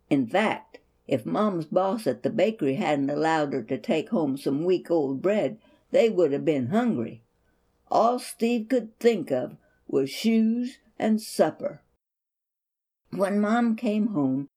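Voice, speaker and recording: A woman reading a Christian children's story aloud in an expressive storytelling manner. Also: fairly low pitch, husky.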